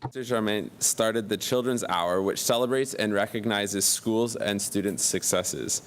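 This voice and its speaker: A man's voice: fairly low pitch, a little hiss or hum. A man co-hosting a forum, announcing and welcoming speakers in a formal way. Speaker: forum co-host. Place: science centre stage.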